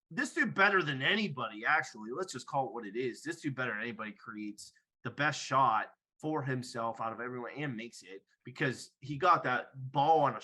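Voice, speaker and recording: A man's voice: on the high side, pushed and bright, low-quality recording. A young man hosting a podcast, arguing his sports take emphatically and repeating himself to make his point. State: hiccuping after drinking. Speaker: podcast host. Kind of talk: casual sports debate.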